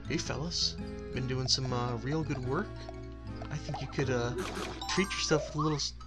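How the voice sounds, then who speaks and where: A man voicing a mellow, easygoing male boss who praises his workers in a soft, drawling way. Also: mid-range voice, normal speed, over loud music, voice pushed down, natural voice. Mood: laid-back.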